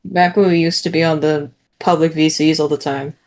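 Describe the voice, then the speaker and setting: A woman's voice: low-pitched, steady tone, moderate pace, darkish tone. A young woman co-hosting a casual livestream, playful and teasing, swearing casually. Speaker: co-host guest on a stream.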